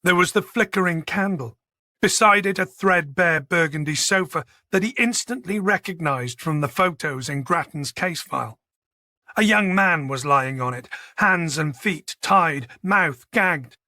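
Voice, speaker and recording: Male thriller narrator, steady delivery; bright voice with some fry, dry booth sound. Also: fairly high pitch, a little slow, no echo. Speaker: audiobook narrator. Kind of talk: scripted narration.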